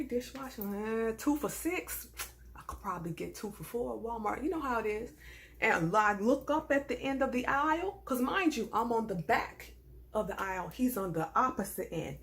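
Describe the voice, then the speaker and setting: Animated young Southern American woman. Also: on the high side, normal speed. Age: young adult. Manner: animated, indignant, swings between hushed asides and raised outbursts. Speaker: vlogger telling a story. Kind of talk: casual storytime monologue.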